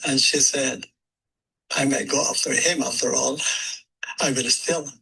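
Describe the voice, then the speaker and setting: Man delivering a personal eulogy: slow, tender, anecdotal, with a bright edge to the voice. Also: medium pitch, fairly even intonation, vocal fry, breathy edge, poor audio. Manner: gentle, heartfelt, unhurried storytelling with nonstandard grammar. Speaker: eulogy speaker.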